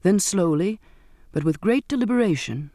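A man giving a measured, steady first-person narration of a storybook. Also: sits high, no room sound, clean studio sound.

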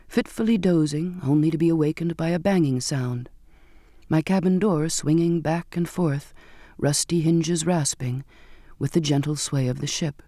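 Mellow, fairly high male audiobook narrator. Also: no room sound, clean studio sound. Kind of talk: first-person audiobook narration.

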